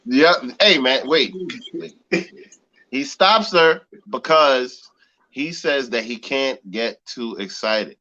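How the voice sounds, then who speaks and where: A man's voice: medium pitch, slow pace. A man co-hosting a casual podcast, telling a story with lots of energy and laughing often. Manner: animated storyteller, laughs often, mimics sounds. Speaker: podcast co-host. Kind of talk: casual chat. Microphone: phone. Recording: lo-fi muffled sound.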